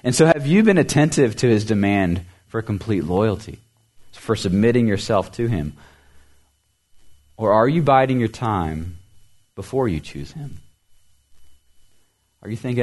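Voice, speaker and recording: Earnest low-voiced male preacher. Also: lively intonation, unhurried, long pauses. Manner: earnest preaching, rising emphasis then dropping to soft low endings; repeats words for emphasis. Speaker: pastor. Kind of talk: sermon.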